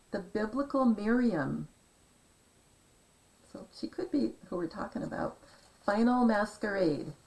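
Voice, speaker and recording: Slow gravelly-voiced woman rambling. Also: lowish voice, poor audio. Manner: meandering, hesitant, trails off into asides. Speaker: conspiracy decoding vlogger. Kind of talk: rambling casual monologue.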